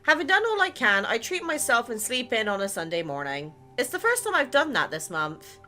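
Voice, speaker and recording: A woman's voice: a little high, very animated, brisk, bright, forceful tone. A woman gaming creator reading a romance game aloud in a playful, chatty way. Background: game music.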